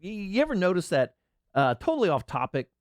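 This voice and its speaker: A man's voice: high-pitched, brisk, clear, resonant tone, no room sound. A man hosting a casual political commentary chat, joking and drifting off topic. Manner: animated, jokey digressions. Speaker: host.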